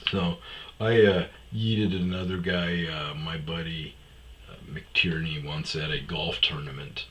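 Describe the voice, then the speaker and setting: A lower-pitched man with a bright, forceful edge, telling rowdy anecdotes. He swears constantly and jumps into loud acted-out dialogue. The delivery is casual and comic. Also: fairly even intonation, unhurried, a little hiss or hum. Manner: acts out quoted exchanges in raised voice. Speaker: podcast host. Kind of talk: casual comedic storytelling.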